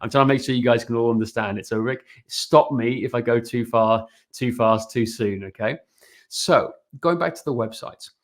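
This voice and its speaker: A man's voice: mid-range voice, normal speed. A man on a podcast as a guest and business owner, talking energetically and often checking in with "right?". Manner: energetic, keeps adding "right?" tag questions. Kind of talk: casual podcast interview.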